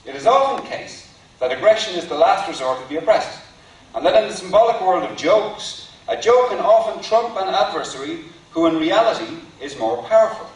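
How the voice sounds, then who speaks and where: A man's voice: high voice, lively intonation, far from the mic. Wry male lecturer in an echoey hall. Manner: wry, deliberate, builds to punchlines. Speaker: university lecturer. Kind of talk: academic lecture with jokes.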